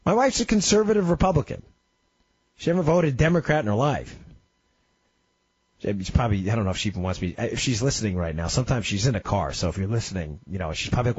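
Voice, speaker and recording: A man's voice: a little mellow, husky, no room sound. A man hosting a talk radio show, telling a story emphatically and sounding slightly ill. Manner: emphatic storytelling with sudden pitch swings. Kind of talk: impassioned talk radio monologue. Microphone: studio microphone. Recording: dry, slightly dull radio studio audio.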